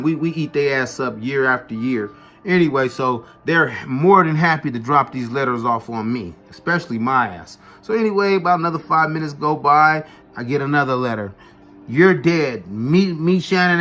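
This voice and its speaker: A man's voice: medium pitch, fairly quick, sharp tone. A man casually telling a story from his school days in a laid-back, profane way, full of street slang and "you know what I'm saying". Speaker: vlogger telling a personal story.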